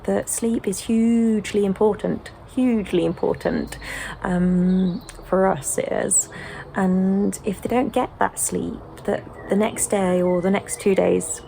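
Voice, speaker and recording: A young British woman, a home-educating mum, chatting casually and gently with frequent ums. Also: medium pitch, gravelly, a little hiss or hum. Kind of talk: sit-down casual chat.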